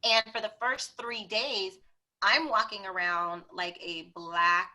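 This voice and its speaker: A woman guest in an interview, telling personal stories in an animated way and often laughing. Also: mid-range voice, slow, poor audio. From America. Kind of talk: conversational storytelling.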